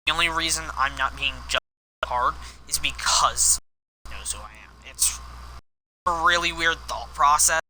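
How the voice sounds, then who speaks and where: A man's voice: fairly high pitch, moderate pace, pushed and bright, a little hiss or hum, poor audio. A man streaming a video game, rambling candidly and swearing often while he plays. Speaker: gaming streamer. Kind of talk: live game commentary with personal confession.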